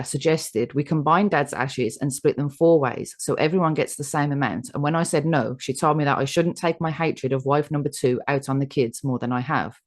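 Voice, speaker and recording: An English woman co-hosting a podcast, chatting and reading posts aloud steadily, with dry short remarks. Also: deep voice. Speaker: podcast co-host.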